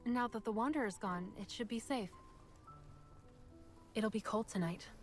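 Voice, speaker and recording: An actress playing a kind young heroine in a story game, speaking gently and with light teasing. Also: female voice, a little high, normal speed, faint music behind, close to an everyday voice.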